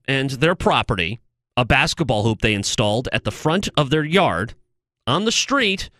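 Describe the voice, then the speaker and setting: A man's voice: fairly high pitch, no room sound, clean studio sound. A man hosting a political commentary show, delivering an opinionated, sarcastic monologue. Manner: animated, sarcastic, mocks with loud put-on shouting.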